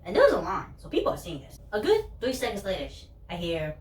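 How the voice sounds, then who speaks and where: A woman's voice: medium pitch, sing-song, fast. A young woman and student telling candid, rambling personal stories in a vlog, laughing at herself. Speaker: vlogger, student. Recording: roomy, distant, faint hum.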